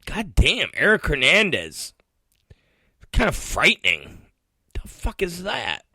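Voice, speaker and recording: A man hosting a show, rambling and swearing through a casual rant with a high, wildly swinging voice. He talks slowly but brightly, with a close, dry sound. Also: wildly swooping pitch, vocal fry, breathy edge. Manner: rambling, profane, laughing. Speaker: show host. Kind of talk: profane casual podcast rant.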